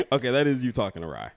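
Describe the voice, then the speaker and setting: A man's voice: medium pitch, vocal fry. A young man co-hosting a podcast, chatting casually and teasing his partner playfully. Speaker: podcast co-host. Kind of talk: casual chat.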